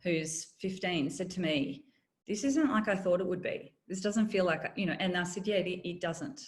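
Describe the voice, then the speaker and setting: A woman's voice: lowish voice, moderate pace. A middle-aged woman, telling a personal story in an interview, candid and wry. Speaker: guest, former journalist.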